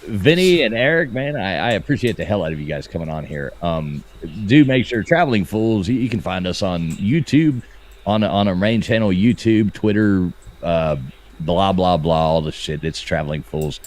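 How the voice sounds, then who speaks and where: A man's voice: low-pitched, lively intonation, moderate pace. A man hosting a podcast in casual chat, rambling and profane, often stumbling over his words. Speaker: podcast host.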